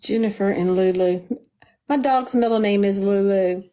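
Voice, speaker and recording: Middle-aged woman, casual live streamer, chatty storyteller, mid-pitched voice, phone mic. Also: normal speed, mellow. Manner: chatty storyteller, addresses viewers as y'all.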